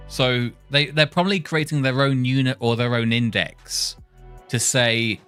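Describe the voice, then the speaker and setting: A man talking to himself while testing speech software, muttering and correcting himself as he goes. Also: medium pitch, smooth. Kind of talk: casual thinking-aloud coding session.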